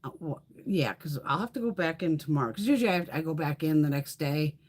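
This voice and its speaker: Husky-voiced woman, animated and foul-mouthed. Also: sits low, fast talker. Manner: animated storytelling with frequent swearing. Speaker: beauty livestream host. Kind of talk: casual chat.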